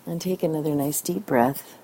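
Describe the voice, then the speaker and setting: A woman guiding a tapping session in a calm, gentle way, giving phrases for the listener to repeat. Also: sits low, moderate pace, a little hiss or hum. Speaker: tapping practitioner.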